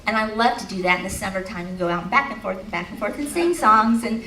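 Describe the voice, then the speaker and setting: A woman's voice: medium pitch, fast, sharp tone. A middle-aged woman giving a motivational talk at an expo, telling a personal story with laughter and then leading the audience in affirmations. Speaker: speaker at an expo. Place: large hall at an expo. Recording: echoey hall recorded from a distance.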